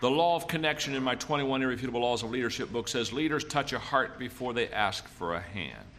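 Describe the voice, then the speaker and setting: This middle-aged man has a medium-pitched, somewhat bright voice and talks fairly quickly, with a bit of hiss or hum in the background. He's a leadership speaker at a seminar, telling folksy stories and repeating his points for emphasis.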